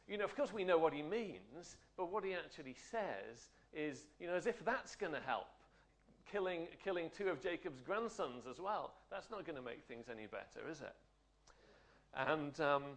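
A man's voice: medium pitch, a bit bright. A man teaching a Bible study in a conversational way, often checking in with tag questions.

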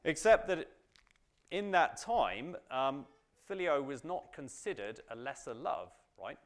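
A man's voice: medium pitch, big pitch swings, takes it slowly. A man teaching a Bible study to a small group in an informal, chatty way, full of "um"s and "right?"s. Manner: chatty, frequent fillers and tag questions.

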